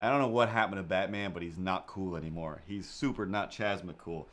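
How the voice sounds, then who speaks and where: A man's voice: sits low, a little fast. Rambling, jokey male livestream host. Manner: rambling, jokey, full of fillers and asides. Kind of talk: casual livestream chat.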